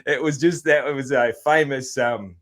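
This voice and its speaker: A man with an Australian accent hosts a podcast interview, speaking at a moderate pace in a mid-range, slightly bright voice. He's laid-back and casual, swears freely, and relies heavily on filler words.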